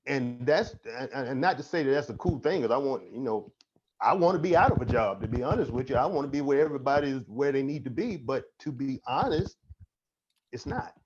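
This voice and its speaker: A man's voice: mid-range voice, lively intonation, a little fast, a little mellow. Emphatic male counselor, lo-fi audio. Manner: emphatic, preacher-like cadence with repetition. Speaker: counselor on a panel. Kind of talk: panel discussion. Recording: dull lo-fi audio with faint noise.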